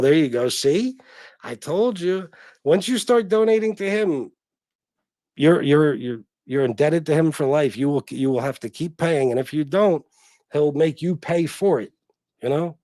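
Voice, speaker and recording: A man hosting a casual livestream rambles bluntly and crudely, filling his talk with lots of fillers. His voice is medium-pitched, a little mellow, and at a normal speed, with clean studio sound and no echo.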